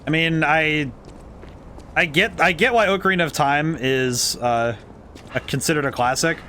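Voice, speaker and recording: A man's voice: a little high, moderate pace, sharp tone, a little hiss or hum. A man streaming a game, musing thoughtfully and rambling as he corrects himself mid-sentence. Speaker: game designer streaming gameplay. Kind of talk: casual livestream commentary.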